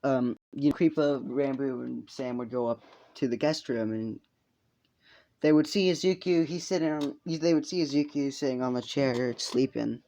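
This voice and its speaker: A man's voice: medium pitch, moderate pace, warm tone. A young man casually improvising a fan story, rambling with fillers, laughs and swearing.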